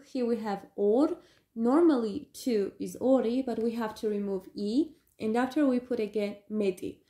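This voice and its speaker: A woman teaching a language lesson in a patient, explanatory way. Her voice is mellow and sits a little high. The room is echoey.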